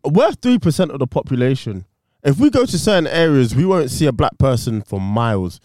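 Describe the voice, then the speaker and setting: A man's voice: mid-range voice, very animated, brisk, a little mellow, no echo, clean studio sound. A man co-hosting a podcast in casual chat, blunt and opinionated, swearing freely. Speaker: podcast co-host.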